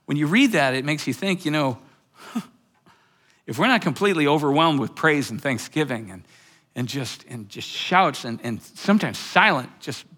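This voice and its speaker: Pastor guy preaching, kinda high bright voice, keeps repeating himself and gets loud then quiet. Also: lively intonation, normal speed. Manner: builds from low musing to loud, rising exclamations; repeats words, restarts, chuckles mid-sentence. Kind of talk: sermon.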